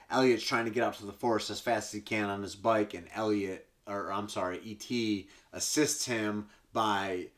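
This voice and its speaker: Here a male comedian rambles through a movie plot with plenty of cursing, throwing in squealing high impressions and noises. His tone is fairly bright.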